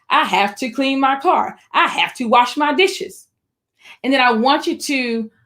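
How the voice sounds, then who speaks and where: A woman speaking on the high side, with a fairly bright tone, presents an online webinar for educators over a computer microphone. She addresses the audience directly and encouragingly, easing her pace to stress key phrases.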